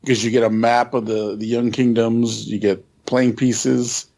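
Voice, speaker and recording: A man's voice: medium pitch, little pitch movement, unhurried, creaky, mellow. Chatty nostalgic podcast co-host man. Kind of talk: casual podcast chat.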